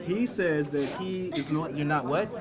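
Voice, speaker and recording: A chatty, joking man with a fairly high voice introduces his castmates at a premiere. A busy crowd buzzes behind him outdoors. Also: moderate pace. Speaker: film cast member. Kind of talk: casual event interview. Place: outdoor red carpet premiere.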